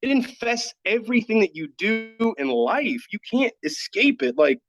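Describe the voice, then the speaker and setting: A man from Dallas, Texas speaks in a very high voice with big swings in pitch, at a normal pace, with vocal fry. He is a yoga teacher appearing as a podcast guest, sharing a personal story in casual conversation, earnest and candid and saying "like" constantly. The audio is dull and lo-fi.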